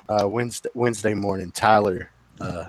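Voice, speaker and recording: A man's voice: lowish voice, steady tone, unhurried, background noise. A man recovering from a leg amputation tells a hospital story in casual, profane chat, acting out the people he quotes. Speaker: podcast host telling a story.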